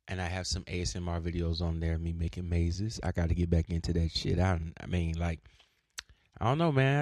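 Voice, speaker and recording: A man hosting his own podcast, rambling in a casual monologue, cursing freely and breaking into sudden shouts. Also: low-pitched, no room sound. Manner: profane, loud swings and sudden shouts. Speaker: podcast host.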